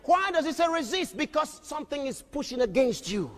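A man preaching a sermon as a pastor, emphatic, often shouting and questioning his crowd. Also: very high-pitched, big pitch swings, brisk. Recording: long reverb of a large hall.

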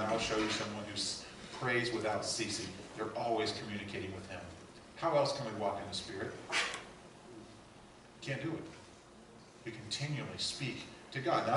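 A man's voice: fairly low pitch, slight background noise. Preaching man in an echoey church. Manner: swings between loud emphatic preaching and quiet hushed asides. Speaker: pastor. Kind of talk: sermon. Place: church sanctuary. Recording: echoey church hall heard from a distance.

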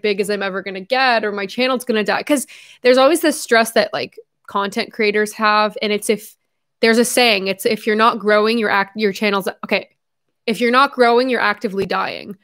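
A woman's voice: medium pitch, steady tone, normal speed, a bit bright. A young woman hosting her own livestream, chatting casually and rambling with frequent fillers and laughs.

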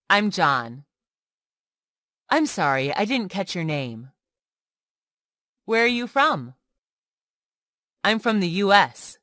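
A woman reading example phrases one by one for English learners, slowly and with clear enunciation. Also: medium pitch, fairly bright tone, dry recording, studio quality. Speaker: English tutor.

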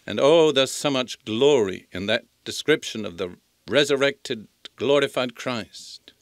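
An older man teaching the Bible in a sermon, reading scripture slowly and emphatically. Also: medium pitch, lively intonation, no room sound.

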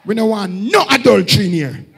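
A Jamaican man leading a fiery Pentecostal service, shouting repeated calls to the congregation. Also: high voice, expressive, fairly quick, vocal fry, faint music behind, poor audio. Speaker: apostle leading a church service. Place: church hall during a live service.

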